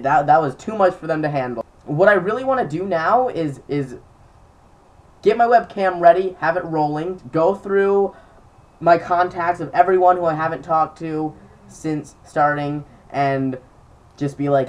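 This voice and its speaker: A young adult vlogger chats to camera, telling stories packed with filler words. His voice sits on the high side at normal speed, picked up by a distant mic.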